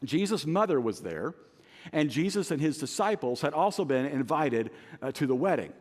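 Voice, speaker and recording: Man, pastor, sermon, middle-aged, animated storyteller, swooping pitch, long hall reverb. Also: moderate pace. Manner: animated storytelling with self-deprecating humor. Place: large church auditorium.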